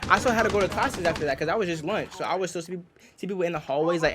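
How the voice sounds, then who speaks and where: A young gaming video creator races through an embarrassing tale as he plays a shooter game, his voice on the high side. His talk is slangy and energetic, full of repeated "bro"s. The background is noisy, with game gunfire behind him.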